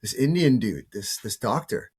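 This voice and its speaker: A man's voice: mid-range voice, lively intonation, moderate pace, breathy edge. A man in his fifties, a show host who is sick with a cold, telling a personal story in a casual, rambling way with restarts and the odd swear word.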